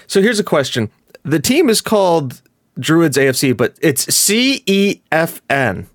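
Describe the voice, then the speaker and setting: A man's voice: a little high, sing-song, unhurried, no echo. Man rambling in dry casual banter. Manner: rambling, stumbles over words. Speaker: co-host of a live-streamed podcast.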